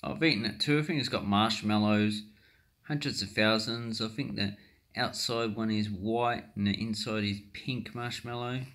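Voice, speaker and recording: A man's voice: on the low side, fairly even intonation, normal speed, fairly bright tone. An Australian man giving rambling, chatty commentary over a screen recording, with frequent ums and self-corrections. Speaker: coin collecting YouTuber.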